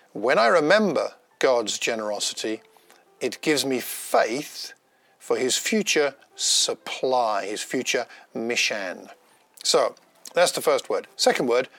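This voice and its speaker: A man giving a gentle, personal devotional talk, unhurried, with small pauses and restarts. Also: mid-range voice, dry recording. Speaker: devotional speaker.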